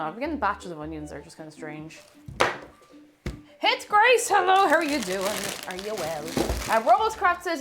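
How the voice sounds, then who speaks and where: A woman chatting casually to viewers while cooking live at home, reading out messages and greeting people, sometimes drifting away from the mic. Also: medium pitch. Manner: chatty, reads chat aloud and greets viewers excitedly. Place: home kitchen. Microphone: moves away from mic while cooking.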